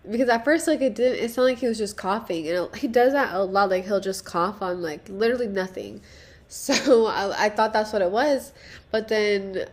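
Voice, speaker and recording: A woman's voice: medium pitch, moderate pace. A young woman hosting a casual solo podcast, rambling and profane, self-deprecating, with nervous laughs. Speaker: podcast host.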